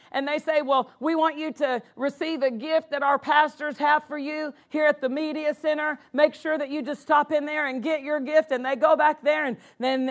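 A woman pastor preaching a sermon in a church, punctuating her points with exclamations of praise. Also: high voice. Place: church sanctuary.

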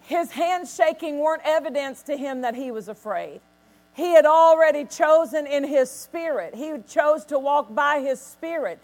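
A woman pastor preaching a sermon, telling stories with lively quoted voices and bursts of acted laughter. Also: high-pitched, moderate pace.

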